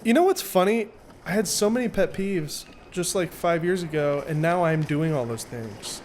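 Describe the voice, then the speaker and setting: A young man rambles through a casual interview, cracking jokes as he plays. His voice rides a little high. Faint noise hums under the recording. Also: expressive, normal speed. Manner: laughing, rambling, jokey. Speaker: interview guest, magician and video maker. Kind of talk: casual chat while playing a game.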